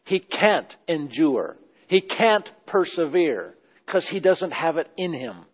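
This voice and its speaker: A man with a fairly high voice preaches a sermon with emphasis, repeating phrases over and over. His voice rings in a long hall reverb, and the recording sounds dull. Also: sing-song, takes it slowly, husky.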